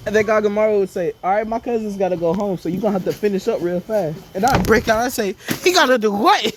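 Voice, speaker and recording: A man's voice: high voice, quick pace, noisy background. Rambling joking man telling a story. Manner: rambling, joking, acts out dialogue with stammers. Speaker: storyteller improvising a scenario. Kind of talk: casual improvised storytelling.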